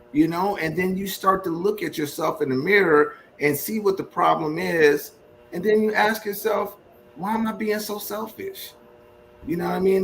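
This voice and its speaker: A man speaking earnestly as a podcast guest, giving faith-based advice. His voice sits fairly high for a man, with a little background noise behind it. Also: low-quality recording. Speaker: married guest.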